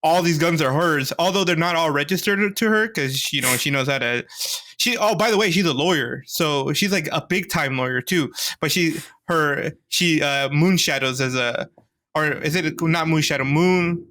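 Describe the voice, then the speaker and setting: Bright-voiced, excitable man. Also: fairly high pitch, normal speed. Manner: animated, excitable storytelling. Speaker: podcast co-host. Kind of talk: casual show review chat.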